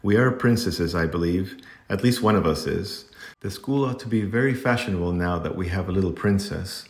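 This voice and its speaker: A man with a deep voice voicing a spiteful, scornful schoolgirl in a storybook reading, in an echoey room. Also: fairly quick. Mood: mocking. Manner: sneering, mocking.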